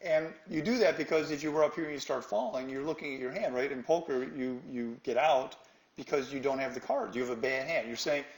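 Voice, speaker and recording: A man's voice: mid-range voice, fairly quick, reverberant, poor audio. A man teaching a live trading class, emphatic and quizzing his students with questions. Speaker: trading instructor.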